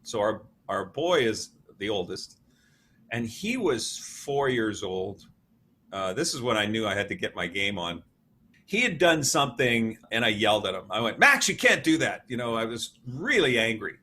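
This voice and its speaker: A man in his fifties, a motivational speaker giving an interview, telling stories in a lively way and laughing often. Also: fairly low pitch, moderate pace, slight background noise. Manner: animated storyteller, laughs often, acts out quotes. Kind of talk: conversational interview.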